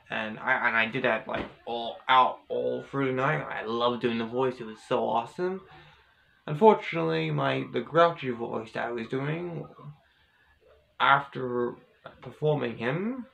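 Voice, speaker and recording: A man's voice: medium pitch, vocal fry, a bit bright, slight background noise, poor audio. A man vlogging casually, telling a personal story in a rambling, hesitant way with many restarts.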